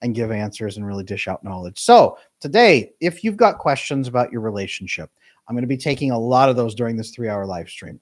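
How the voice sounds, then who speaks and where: A middle-aged man, a relationship coach, talking to his live stream audience with emphatic, jumpy pitch on key words. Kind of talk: live stream talk to chat.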